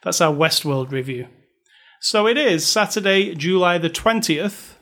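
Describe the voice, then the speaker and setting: High-pitched and fairly bright, his voice has lively intonation and a measured pace. As host of a movie review podcast, he trades jokes with his co-host in casual chat and reads passages aloud with dramatic emphasis.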